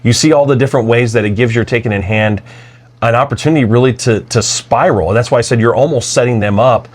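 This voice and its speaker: A man's voice: mid-range voice, quick pace. A man co-hosting a podcast, talking in an earnest, reflective way with frequent restarts. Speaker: podcast co-host. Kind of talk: casual conversational podcast talk.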